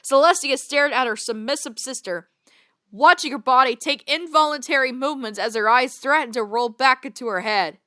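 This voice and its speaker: A woman's voice: high-pitched, normal speed, sharp tone, no echo, studio quality. A woman reading a story aloud for laughs, stumbling over words and breaking into disbelieving reactions. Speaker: fanfiction reader. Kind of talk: comedic read-aloud with reactions.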